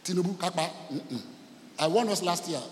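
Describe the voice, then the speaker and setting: A man with a Nigerian accent and a high-sitting voice preaches a sermon as pastor at a moderate pace, leading his congregation in rhythmic call-and-response with emphatic repetition. It was recorded in a church hall with long, echoing reverb and a little hiss or hum.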